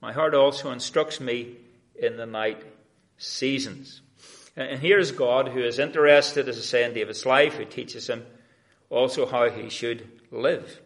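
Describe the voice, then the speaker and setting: A man preaching a verse-by-verse sermon. He is earnest and often says "uh" or restarts a phrase. He lifts his voice for scripture and drops it low and soft when he reflects. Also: unhurried. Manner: earnest, rising to emphatic on scripture, dropping soft and hushed in reflection; frequent filler "uh" and restarts. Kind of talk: expository sermon.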